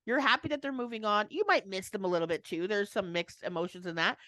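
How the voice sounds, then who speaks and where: A woman's voice: medium pitch, fast talker, sharp tone, no echo. A woman co-hosting a casual chat, rambling and laughing often as she restarts her thoughts. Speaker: co-host.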